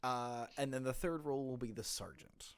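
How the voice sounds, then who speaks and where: A man's voice: medium pitch, moderate pace, smooth. A man narrating as game master of a tabletop game, in a loose, meandering way with self-corrections.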